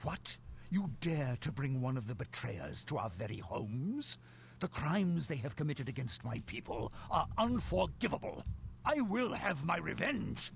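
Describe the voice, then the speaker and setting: A man's voice: on the high side, big pitch swings, unhurried, creaky, slight background noise, heavily acted. An actor playing a proud, wrathful old dwarf king in a video game, with a commanding, suspicious manner. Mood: furious.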